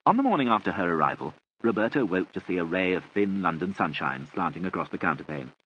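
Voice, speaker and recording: A man reading a novel aloud in a measured, expressive storytelling manner. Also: low-pitched. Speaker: audiobook narrator. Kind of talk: scripted narration. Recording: muffled recording with faint hiss.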